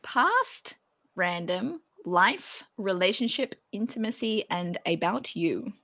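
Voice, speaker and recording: A woman's voice: medium pitch, expressive, slow, fairly bright tone. A woman hosting a casual podcast chat, hesitant and full of ums, often breaking into laughs. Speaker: podcast host.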